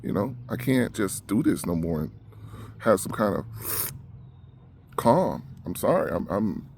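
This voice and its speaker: A man's voice: fairly low pitch, expressive, moderate pace, a little mellow, a little hiss or hum. A man ranting emotionally to the camera, agitated and short of breath, repeating himself as he talks. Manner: agitated, repetitive, heated. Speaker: vlogger.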